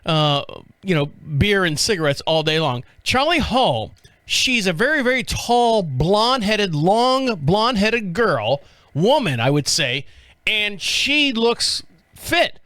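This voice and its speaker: High-voiced man hosting a rambling podcast. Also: big pitch swings, slow, a bit bright, no echo. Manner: rambling, off-the-cuff, swears freely. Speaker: podcast host. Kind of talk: casual commentary.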